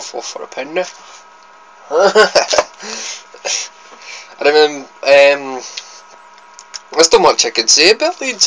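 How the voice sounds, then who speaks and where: On this low-quality recording with slight background noise, a young man from Scotland samples sweets for his food vlog. His accented voice runs on the high side, bright and forceful, as he chats, rambles and keeps interrupting himself.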